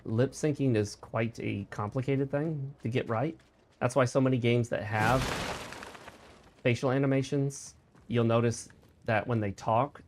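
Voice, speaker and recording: A man's voice: mid-range voice, a little mellow. A man talking casually while he streams a video game, explaining mechanics and sharing opinions as he plays. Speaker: gaming streamer. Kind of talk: casual let's-play commentary.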